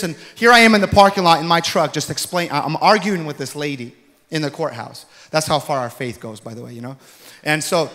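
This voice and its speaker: A man preaching a testimony sermon, telling his story in an animated way and acting out the dialogue, swinging from hushed to loud. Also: fairly high pitch, brisk. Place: large church hall. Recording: long hall reverb.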